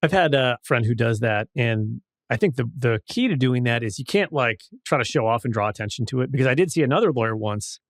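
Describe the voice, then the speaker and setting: A man's voice: mid-range voice, expressive, a little fast, hardly any pauses, no room sound, clean studio sound. A man co-hosting a podcast, chatting and swapping anecdotes. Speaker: podcast co-host. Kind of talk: podcast conversation.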